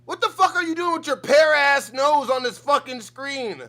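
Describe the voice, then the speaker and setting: A man co-hosting a reaction stream, talking in an animated, profane, ranting way. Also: extremely high pitch, normal speed. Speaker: stream co-host. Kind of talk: casual reaction-stream chat.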